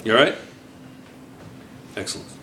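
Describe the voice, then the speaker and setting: This is a chemistry lecture at a whiteboard, given by a man at a moderate pace who repeats himself and frequently checks in with the class. A camera in the room captures him from a distance, in an echoey space with faint noise.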